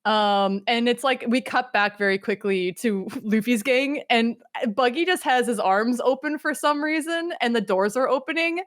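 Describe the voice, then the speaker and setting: A woman's voice: on the high side, moderate pace, hardly any pauses, no echo, clean studio sound. A young woman hosting a podcast, chatting casually and animatedly, peppering her talk with "like" and slipping into silly character voices. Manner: heavy use of filler "like". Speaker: podcast host. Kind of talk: casual chat.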